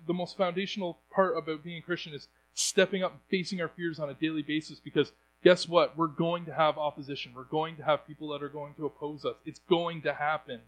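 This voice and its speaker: A man's voice: fairly high pitch, lo-fi sound. A young man preaching a sermon in an earnest way, often restarting his sentences.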